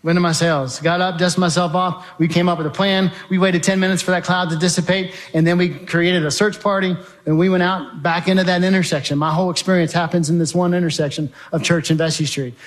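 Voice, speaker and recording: Man telling a gripping story, higher voice. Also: fairly even intonation, fast, few pauses. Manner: vivid, emphatic, addresses the audience. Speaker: speaker giving a testimony. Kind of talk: dramatic storytelling talk.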